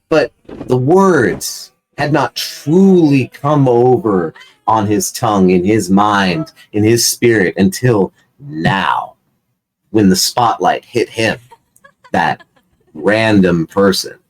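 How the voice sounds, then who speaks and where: Slow, animated storytelling man. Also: fairly low pitch, a little hiss or hum, poor audio. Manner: rambling storyteller, profane. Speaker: player. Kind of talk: storytelling as a player in a tabletop game.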